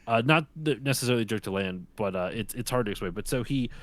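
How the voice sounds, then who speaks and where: Animated, swearing male streamer. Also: medium pitch, quick pace, no room sound. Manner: animated storyteller who swears freely. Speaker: streamer co-host. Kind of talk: casual chat on a live stream.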